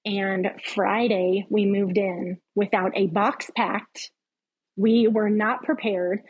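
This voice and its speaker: Middle-aged woman, podcast guest, unhurried heartfelt testimony with a husky edge. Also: medium pitch, little pitch movement, lo-fi sound. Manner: earnest, heartfelt storytelling. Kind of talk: personal faith testimony.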